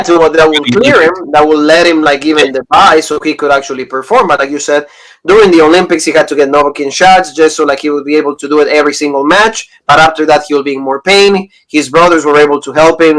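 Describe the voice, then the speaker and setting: Male co-host, 30s, fairly high voice, loose rambling recap style. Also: steady tone, quick pace, a bit bright, rough recording. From Pennsylvania. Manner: rambling, retelling stories with quoted lines. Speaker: podcast co-host. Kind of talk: casual review chat.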